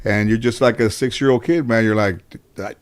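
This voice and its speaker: Animated man telling stories, from Los Angeles. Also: medium pitch, brisk, clear, resonant tone. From Los Angeles, USA. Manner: animated, swears freely, frequent fillers and restarts. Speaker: guest telling life stories. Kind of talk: casual storytelling in a conversation.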